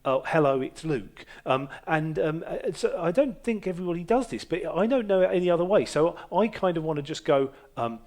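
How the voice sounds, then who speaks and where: Rambling man with a fairly high voice. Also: lively intonation, brisk, hardly any pauses, darkish tone. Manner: rambling, hesitant, with many fillers and restarts; wry, self-mocking humour. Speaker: podcast host and musician. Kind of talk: casual chat. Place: basement room.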